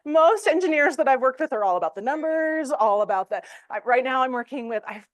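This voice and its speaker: Middle-aged woman trainer, slightly high voice, chatty and lively, dry sound. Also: fairly quick, no room sound. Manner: chatty, animated, with frequent fillers and laughs. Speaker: real estate trainer. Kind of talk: classroom training talk.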